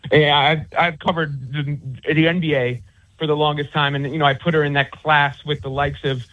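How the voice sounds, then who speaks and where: A man's voice: fairly high pitch, level tone, normal speed. A man who writes about sports, speaking as a guest on a call-in interview, rambling with many restarts and fillers. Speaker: author and sports commentator. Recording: tinny phone line.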